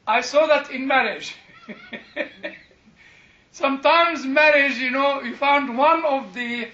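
The speaker is an older man lecturing on theology in a classroom, his voice high and bright, in a relaxed session with class back-and-forth. Expect tangents, personal stories, frequent laughter, and plenty of "you know," heard through a muffled, roomy recording.

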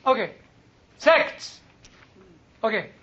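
Man, Bible teacher; very high, bright voice, slow delivery, dull lo-fi recording. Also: sing-song. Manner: slow, searching for English words. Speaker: Bible lecturer. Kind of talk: informal Bible talk. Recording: dull lo-fi sound.

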